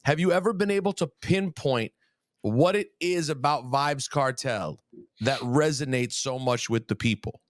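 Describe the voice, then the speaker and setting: A man's voice: medium pitch, moderate pace, dry recording, studio quality. A man co-hosting a casual podcast interview, asking long, rambling questions with a lot of restarts. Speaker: podcast co-host.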